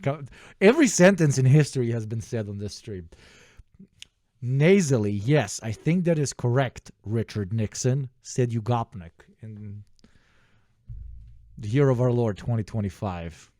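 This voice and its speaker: A man's voice: medium pitch, lively intonation, unhurried, mellow, no echo, studio quality. Profane rambling streamer man. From Balkans. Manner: rambling, profane, self-deprecating asides. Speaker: streamer reacting to a clip. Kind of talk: casual livestream commentary.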